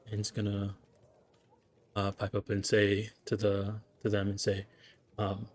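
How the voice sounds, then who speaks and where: A man's voice: on the low side, monotone, unhurried, long pauses, darkish tone. A man player in a tabletop game, asking hesitant questions in character.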